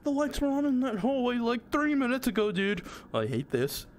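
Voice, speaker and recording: Jittery young gamer man, pitch all over. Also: very animated, normal speed, a little hiss or hum. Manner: jumpy, swears, pleads with the game. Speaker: gamer playing a horror game. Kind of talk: nervous let's-play commentary.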